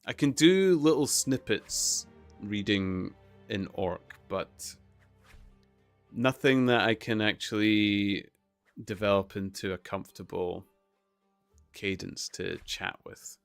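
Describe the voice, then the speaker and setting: A man chatting casually with his viewers on a live stream, relaxed and chuckling. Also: on the low side, takes it slowly, creaky, no echo, faint music behind. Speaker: livestreamer.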